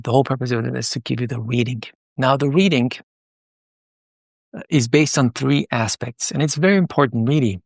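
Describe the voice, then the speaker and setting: A middle-aged man from Iran speaks as a podcast guest, his voice gravelly and rough at the edges. He tells stories in a lively, halting way, full of fillers and restarts, at a mid pitch. The sound is dry and close, with no room echo. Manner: animated, hesitant with many fillers and restarts. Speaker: podcast guest, palm leaf reading moderator. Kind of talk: conversational interview storytelling.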